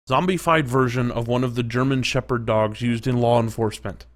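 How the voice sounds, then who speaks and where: A man's voice: mid-range voice, steady tone, normal speed, hardly any pauses. Chatty man doing let's-play commentary. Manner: chatty, reacting aloud, sometimes whispering. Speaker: gaming commentator.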